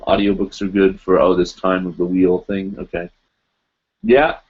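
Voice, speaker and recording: A man's voice: low-pitched, level tone, normal speed, a little mellow, highs cut off. A man in his forties from the United States, hosting a live stream in a casual, rambling way with lots of fillers.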